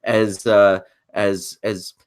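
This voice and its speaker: A man on a podcast panel talking thoughtfully, halting with many fillers and now and then sarcastic. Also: fairly low pitch, flat delivery. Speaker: podcast co-host. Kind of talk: casual roundtable discussion.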